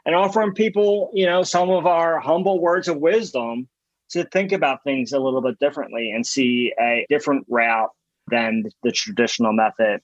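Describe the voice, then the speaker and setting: A man's voice: mid-range voice, moderate pace, no echo. Outspoken man guest, dull dry audio. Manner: emphatic, outspoken and contrarian. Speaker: podcast guest, design firm founder. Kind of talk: casual interview conversation.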